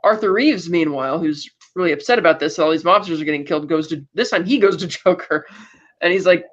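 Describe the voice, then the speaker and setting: Slightly high-voiced man retelling a movie plot on a podcast, loose and rambling with fillers and restarts, dropping into quick character voices. The audio is dull and lo-fi. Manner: acts out character quotes. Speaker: podcast host. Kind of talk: casual film recap.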